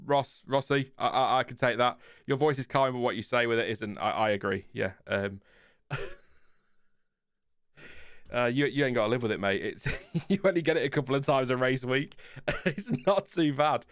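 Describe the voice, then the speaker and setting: A man with a Lincolnshire accent talks at an easy middle pitch, his calm, fairly flat voice smooth and clean. He rambles, trails off and laughs as he reads comments to his viewers. The sound is close and dry, with no room around it. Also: moderate pace, dry recording. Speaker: livestream host. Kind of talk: casual chat reading live comments.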